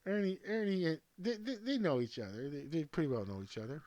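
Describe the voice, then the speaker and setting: A man's voice: fairly high pitch, brisk, darkish tone, dry recording. A man hosting a home-made sports news show, rambling off script at his laptop, chatting to himself and his plush toys. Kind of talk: casual off-script commentary.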